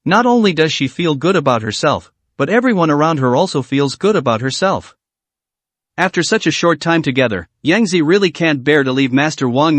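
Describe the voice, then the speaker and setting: A man narrating a translated fantasy novel as an audiobook, in an even, steady storytelling manner. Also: fairly high pitch, a little fast, no echo.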